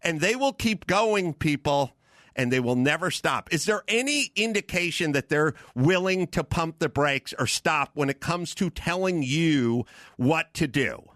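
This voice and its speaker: A man hosting a podcast, delivering a heated, profane rant with emphatic repetition and bursts of shouting. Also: a little high, expressive, unhurried, no echo, clean studio sound. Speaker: podcast host.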